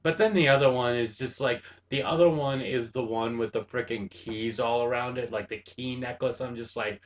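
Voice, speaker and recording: A man from Wisconsin hosting a casual cartoon review chat, excitable and gushing, often breaking into laughter. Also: medium pitch, moderate pace, highs cut off. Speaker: show host reviewing a cartoon episode.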